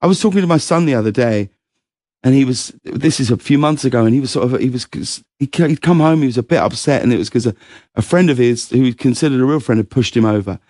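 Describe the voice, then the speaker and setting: A man's voice: medium pitch, fast, dry recording, clean studio sound. A man chatting as a guest on an interview show, telling anecdotes and acting out quotes in a raised voice. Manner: animated storyteller, acts out quotes in raised voice. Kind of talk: casual interview chat.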